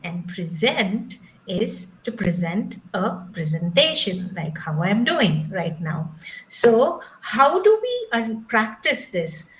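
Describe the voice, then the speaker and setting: A woman leads an online training session over a video call. She speaks slowly and patiently, explaining each step. English is not her first language, and her pitch sits in the middle range. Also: big pitch swings, slight background noise, poor audio. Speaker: trainer teaching English pronunciation.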